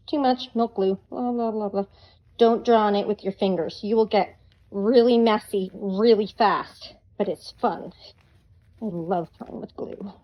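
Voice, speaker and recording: A woman hosting a hands-on craft tutorial, chatty, playful and quick to get excited. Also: medium pitch, low-quality recording.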